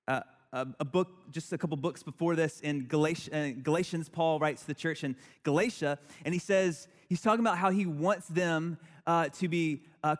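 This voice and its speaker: Earnest high-voiced pastor preaching. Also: male voice. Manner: conversational, earnest, asks the congregation questions. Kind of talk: sermon. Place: church sanctuary. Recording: church hall reverb.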